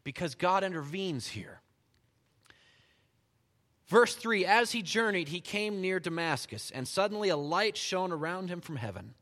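A man's voice: high-pitched, unhurried. Man preaching in a reverberant hall. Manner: animated storytelling, reads scripture aloud, chuckles often. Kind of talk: sermon.

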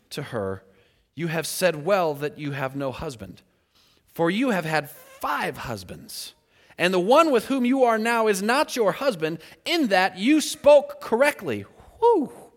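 A man's voice: high-pitched, sing-song, measured pace, a bit bright, long reverb tail. A man preaching a sermon, acting out the voices in the scripture story as he goes.

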